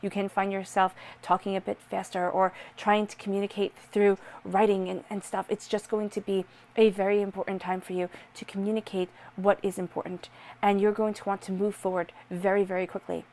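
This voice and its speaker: A woman's voice: medium pitch, flat delivery, fairly quick, a little mellow. A woman talks the listener through a tarot spread. She speaks in an earnest, reassuring way and addresses the listener directly. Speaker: tarot reader. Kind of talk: tarot reading to camera.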